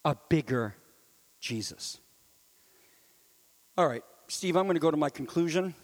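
A man preaching a sermon in a lively, conversational way, with asides to the congregation and sudden swings from loud to hushed. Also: a little high, a little slow, long reverb tail. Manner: animated, swings from loud to near whisper. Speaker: pastor.

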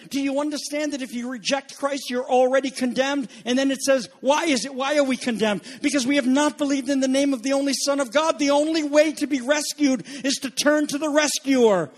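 In a sermon, a high-voiced man preaches urgently. He hammers his points home by repeating phrases and questioning his listeners, dropping from loud warnings to low, quiet lines.

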